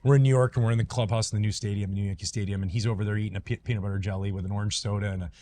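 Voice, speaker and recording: A middle-aged man from Canada, a former pro pitcher, telling stories in a casual chat, full of fillers like "like" and "you know". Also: racing, a little hiss or hum. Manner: animated, filler-heavy, acts out voices in anecdotes.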